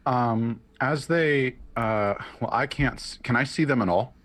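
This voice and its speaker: A man's voice: medium pitch, a little slow, fairly bright tone. A man playing a tabletop game, chatting in an easygoing, self-deprecating way. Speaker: player. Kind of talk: casual tabletop game chat.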